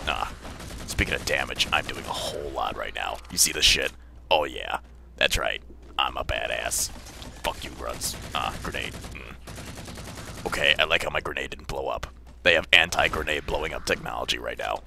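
A man voicing a gruff, cocky, crude armored super-soldier in a deep gravelly put-on voice, giving comedic gameplay commentary. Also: normal speed, bright, forceful tone, slight background noise, heavily acted. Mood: swaggering. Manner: brash, profane, yelps when startled. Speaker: let's play gamer.

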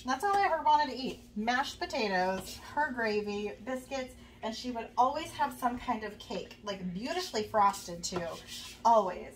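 A woman's voice: fairly high pitch, expressive, moderate pace, a bit bright. A young woman chatting casually to her viewers while cooking in her home kitchen, friendly and rambling, with lots of fillers. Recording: faint background noise, a bit distant from the mic.

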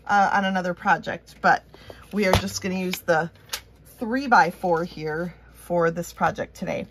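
A woman's voice: medium pitch, fairly bright tone. Chatty Minnesotan woman teaching crafts. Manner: chatty and upbeat, thinking aloud while working. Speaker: craft instructor. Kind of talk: casual step-by-step craft tutorial.

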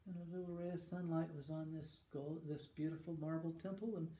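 A man telling a long shaggy-dog joke, halting and repeating words, chuckling now and then. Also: fairly high pitch, flat delivery, dark tone. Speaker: joke teller. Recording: echoey room with faint ambience.

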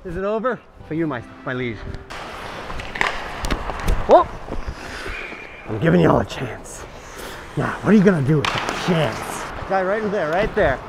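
Man goalie mic'd up on the ice, slightly high voice, dry self-mocking wit, loud rink noise behind. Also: very animated, measured pace, creaky, pauses often. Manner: joking, self-deprecating banter. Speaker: hockey goalie. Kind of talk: mic'd-up game commentary. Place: hockey rink during a game. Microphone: helmet-mounted action camera.

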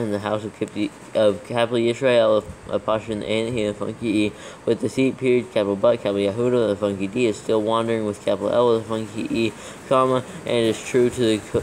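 A man reading scripture aloud as dictation, carefully naming every capital letter and punctuation mark in a steady way. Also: on the low side, a little hiss or hum, poor audio. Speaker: reader dictating scripture text.

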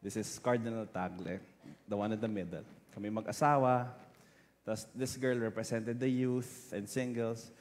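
A man's voice: lowish voice, steady tone, moderate pace, darkish tone. A man with a Filipino accent preaching a sermon, earnest and emotional. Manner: switches between English and Tagalog, emotional and earnest. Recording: hall reverb with faint music.

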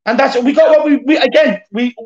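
A man's voice: very high voice, a little fast, a crowd in the background. Irish man rallying fans, lo-fi. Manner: earnest, repetitive, rallying the fans. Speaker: fan channel host. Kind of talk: casual football rant. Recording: dull lo-fi audio.

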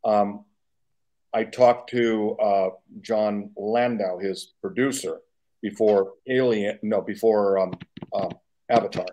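Warm and fairly even in intonation, this lowish male voice moves at a slow pace. The speaker, a makeup artist in his sixties appearing as a guest by video call, rambles through casual stories, chuckling and self-correcting along the way.

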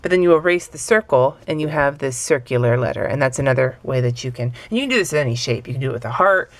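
A woman's voice: extremely low pitch, lively intonation, fast, no room sound. A young adult woman teaching hand lettering in a casual, offhand, self-deprecating way while she draws. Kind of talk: casual tutorial talk while drawing.

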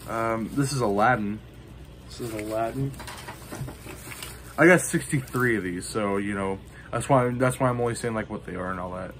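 A man's voice: fairly low pitch, normal speed, long pauses, fairly bright tone, a little hiss or hum. Rambling man in a casual show-and-tell. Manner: rambling, full of ums and you-knows. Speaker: vlogger showing his collection.

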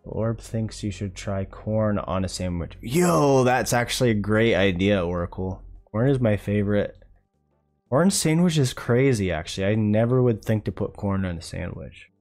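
Laid-back streamer man, low voice. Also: lively intonation, moderate pace, mellow, soft background music. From North Carolina. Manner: laid-back, rambling, chuckling. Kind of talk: casual live-stream chat.

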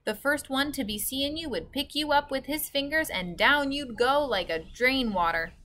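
Lady reading as a big friendly giant guy, mixes up his words, bright and a bit louder, storybook read-aloud. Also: high-pitched, expressive, normal speed, pitched above the performer's own voice. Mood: earnest. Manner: jumbled words and grammar, earnest. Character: big friendly old male giant, muddled grammar. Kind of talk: children's book read-aloud.

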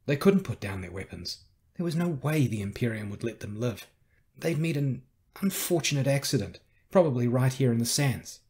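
A man narrating an audiobook with measured, tense storytelling. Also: mid-range voice, lively intonation, darkish tone, husky. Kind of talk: scripted narration.

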